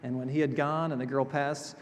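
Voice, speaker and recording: A male pastor delivering a sermon in a chapel, expressive, moving between emphatic passages and hushed, gentle ones. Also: medium pitch, a little fast, slight background noise. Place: chapel sanctuary. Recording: reverberant chapel hall.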